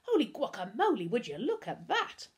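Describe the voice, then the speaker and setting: A bold, know-it-all girl from a storybook, brash and teasing, her speech full of lively swings, as a woman reading aloud puts her on. There is a slight huskiness to the voice. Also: a little high, moderate pace, breathy edge, pitched above the performer's own voice, exaggerated voice.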